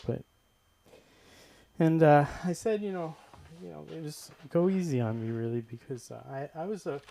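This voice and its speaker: A man from Boston doing open mic stand-up, halting and hesitant with deadpan punchlines, on a comedy club stage mic. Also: fairly high pitch, creaky.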